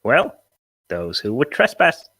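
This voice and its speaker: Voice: medium pitch, big pitch swings, slow pace, sharp tone, breathy edge, dry recording, exaggerated voice, low-quality recording. A man voicing a small pixie who guards a forest pool, speaking formally and dutifully. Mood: polite.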